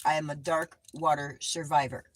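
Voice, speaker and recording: A woman's voice: sits low, flat delivery, moderate pace, a little hiss or hum, poor audio. A middle-aged woman from California chatting rambly and informally with her viewers from inside a small RV, calling them hun. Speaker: vlogger. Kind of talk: casual livestream chat.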